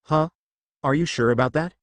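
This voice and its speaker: A man reading the lines of a cool, laid-back young man in a storybook narration, relaxed and dry. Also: fairly high pitch, normal speed, no room sound, lightly acted.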